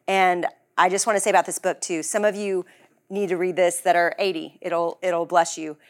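A woman in her forties hosting a podcast, talking in an earnest, effusive way and quick to emotion. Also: on the low side, little pitch movement. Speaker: podcast host. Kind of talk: heartfelt conversation.

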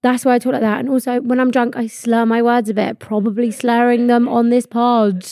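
Fairly quick and flat, this young woman from England has a darkish voice on the high side as she hosts a podcast. In her 20s, she's blunt and sweary, laughs a lot and says "like" constantly, and there's no room sound.

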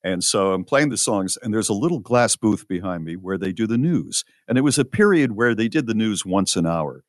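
Older male podcast co-host, low voice that swings a lot, chatty storyteller with plenty of ums. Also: moderate pace, few pauses, dry recording, clean studio sound. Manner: animated storyteller, many fillers and restarts. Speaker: co-host, former radio disc jockey. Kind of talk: casual storytelling chat.

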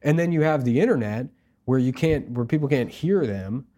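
A man in loose, profane comedy banter on a podcast. He riffs quickly from one joke to the next and slips into mocking voices. His pitch sits in an ordinary middle range. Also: expressive, warm tone. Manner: crude, riffing, drops into mocking impressions. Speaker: podcast co-host. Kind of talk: casual comedy chat.

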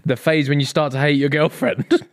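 A young man co-hosting a podcast, his voice sitting a little high. He talks casually, swears freely and laughs a lot. It sounds close and dry, like a studio mic. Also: fast, no echo. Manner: sweary, jokey, laughs often. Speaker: podcast co-host. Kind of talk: casual chat.

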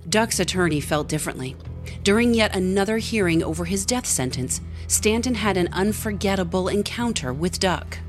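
A woman hosting a podcast, reading an ad and scripted narration in a smooth, deliberate way. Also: medium pitch, expressive, over music.

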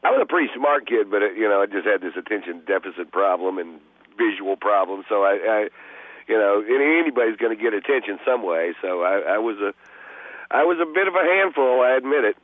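Halting comedian in his fifties on a phone line. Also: on the low side, animated, no echo. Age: 50s. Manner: halting, laid-back, self-deprecating. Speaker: comedian guest. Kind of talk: phone interview on radio.

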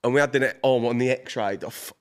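A man telling an animated story as a podcast guest, swearing and laughing as he goes. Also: mid-range voice, moderate pace. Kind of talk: casual chat, storytelling.

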